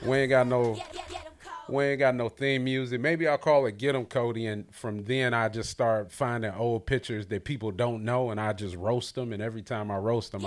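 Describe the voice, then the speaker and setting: A man's voice: mid-range voice, fairly even intonation, a little hiss or hum. A man from Detroit hosting a podcast interview, playful and teasing in casual chat. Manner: playful, teasing, quick to laugh. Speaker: podcast host.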